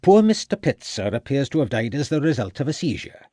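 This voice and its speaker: A stiff, self-important old doctor with a Welsh accent, put on by a male narrator, pitched a little above the reader's own voice. Pompous and easily affronted, he is heard dry and close in a storybook reading. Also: very animated, fairly quick, warm tone, no room sound. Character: elderly Welsh town doctor, proud and stiff.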